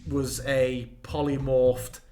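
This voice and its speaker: A man's voice: medium pitch, soft background music. A man and game master, chatting casually and animatedly about a finished campaign, acting out quotes as he goes. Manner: animated, quick, swearing, acts out quotes. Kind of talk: casual chat looking back on a campaign.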